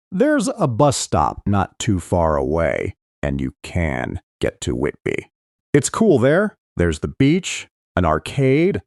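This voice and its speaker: A man's voice: deep voice, creaky, a little mellow, dry recording, studio quality, full character voice. A man voicing a friendly, chatty local teenage boy who talks in a matter-of-fact way.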